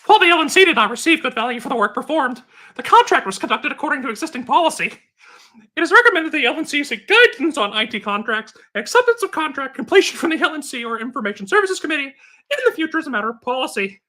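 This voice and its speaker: A man putting on a squeaky, strained high voice, attempting a London accent while reading a report. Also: sing-song, fast talker, pushed and bright, exaggerated voice. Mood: mock-serious.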